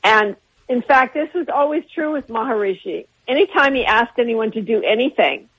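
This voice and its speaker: An older woman recounts her memories at length, circling back and restarting her sentences. Her voice is somewhat high and a little husky. It comes through a narrow, tinny phone line on a radio broadcast. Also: animated, moderate pace, fairly bright tone. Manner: rambling, with frequent restarts and laughter. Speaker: interview guest, artist. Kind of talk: anecdotal storytelling in an interview.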